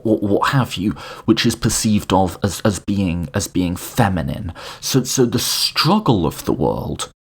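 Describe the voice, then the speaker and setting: A man hosting a podcast, giving an informal, animated lecture full of asides and restarts. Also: fairly low pitch, husky. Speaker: podcast host. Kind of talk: casual lecture on political philosophy.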